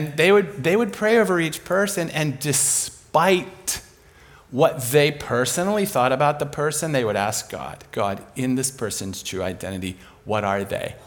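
A man's voice: mid-range voice, expressive, moderate pace, a bit bright. A man preaching a sermon, telling comic stories with lots of laughter. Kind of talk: sermon storytelling.

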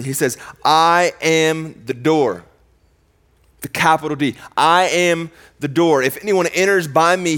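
In a mid-range voice, a male pastor preaches with casual, conversational wording, alternating between raised, emphatic declarations and quiet, slowed-down passages.

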